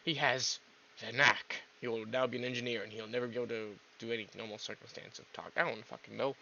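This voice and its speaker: A man's voice: mid-range voice, little pitch movement, fast, vocal fry, sharp tone, lo-fi sound, slight background noise. A man chatting casually while streaming a video game, rambling and swearing often. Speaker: streamer, VTuber.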